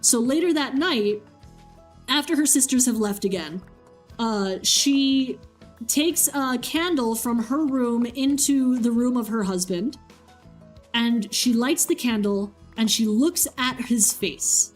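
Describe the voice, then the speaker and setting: A woman streamer casually retelling a myth, animated and swearing freely. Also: fairly high pitch, takes it slowly, soft background music. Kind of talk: casual storytelling.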